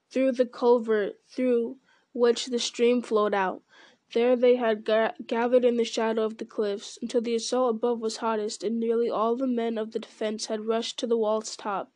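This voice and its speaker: A woman reading a fantasy novel aloud with steady narration and small stumbles that she corrects. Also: a little high, unhurried, no echo. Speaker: reader.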